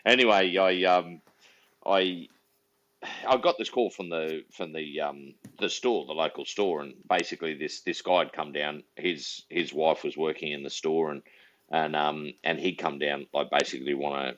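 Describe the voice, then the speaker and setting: An Australian man, a seasoned former cop, telling a story in relaxed casual chat with many ums. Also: rumbling low. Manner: relaxed, halting with frequent ums. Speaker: podcast co-host, former police officer. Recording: dull lo-fi sound.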